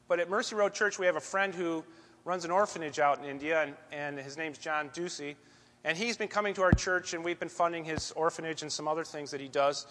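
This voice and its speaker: High-voiced man preaching, echoey hall. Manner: animated, conversational storytelling. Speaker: church speaker. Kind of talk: storytelling sermon. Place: church sanctuary. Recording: long echoey church hall reverb.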